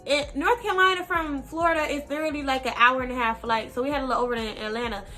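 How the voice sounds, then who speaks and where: Young woman, casual storytime vlog, animated slangy delivery, bright voice. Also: high voice, very fast, faint music behind. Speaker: vlogger.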